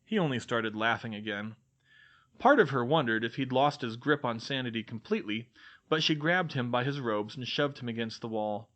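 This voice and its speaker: A man reading fan fiction aloud as an expressive audiobook narration. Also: medium pitch, moderate pace. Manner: expressive, voices each character. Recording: dull lo-fi sound.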